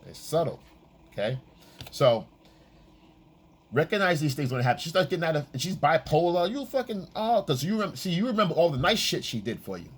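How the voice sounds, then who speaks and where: Male dating coach, husky tone, lively swooping delivery, casual profane monologue. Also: fairly quick. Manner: animated, acts out quoted lines in a high voice.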